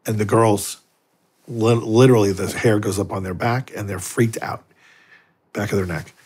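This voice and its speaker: A middle-aged man with a husky, slightly low voice tells personal stories as a guest in a long interview. He is a Catholic priest, and he brings each anecdote to life by acting out what people said. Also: normal speed. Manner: animated anecdotes, acting out dialogue. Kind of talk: storytelling in a long-form interview.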